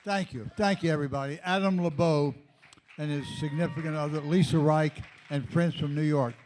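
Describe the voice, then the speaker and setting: A man in his eighties hosting a live comedy night, telling meandering deadpan stories with lots of asides. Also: on the high side, moderate pace, a little hiss or hum. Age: 80s. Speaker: comedy host. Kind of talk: rambling stand-up storytelling.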